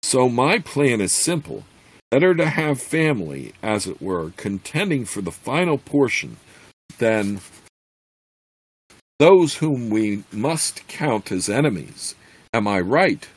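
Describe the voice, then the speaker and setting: A man voicing a scheming, proud human witch who speaks in a measured, formal way. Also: medium pitch, sing-song, breathy edge, pitched above the performer's own voice, full character voice.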